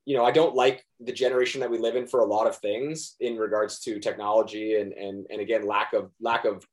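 A young actor, being interviewed in casual chat, speaks earnestly but rambles and restarts a lot. His voice is on the low side, steady in tone, and a little fast.

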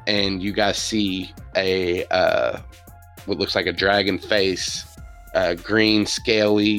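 A man's voice: fairly low pitch, a bit bright. A man narrating as game master in a casual tabletop role-playing session, often laughing.

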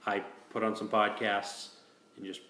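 A man's voice: fairly low pitch, flat delivery, normal speed, sharp tone, echoey room. A man telling a long story in casual chat, rambling with restarts and fillers. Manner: rambling, with many restarts and "you know". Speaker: host telling a hunting story.

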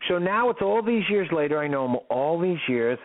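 Older male musician guest, lively storyteller, slightly high voice, thin phone-like sound, dry. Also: moderate pace, dry recording. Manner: animated, acts out quoted voices. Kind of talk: casual storytelling in an interview. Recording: tinny phone-like line, dry.

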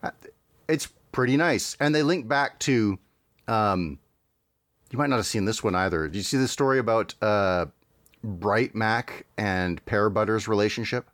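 A man's voice: on the low side, unhurried, a bit bright, no echo. A man hosting a podcast, chatting casually with many fillers and restarts. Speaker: podcast host.

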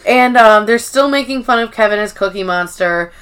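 A woman in her thirties chats through a TV recap on her podcast, swearing freely and slipping into voices for each character. Her voice sits fairly high and sounds bright and forward. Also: moderate pace, clean tone. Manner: animated, swearing, acting out characters' lines in shifting voices. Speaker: podcast co-host. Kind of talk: casual episode recap chat.

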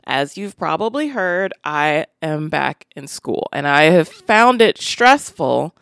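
Woman in her thirties with a low creaky voice. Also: big pitch swings, takes it slowly, fairly bright tone, dry recording, clean studio sound. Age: 30s. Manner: earnest, hesitant, with fillers. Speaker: podcast co-host. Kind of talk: casual chat.

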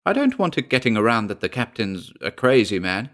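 A man voicing a fussy, indignant middle-aged housekeeper with a sharp, scolding way of talking. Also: medium pitch, sing-song, brisk.

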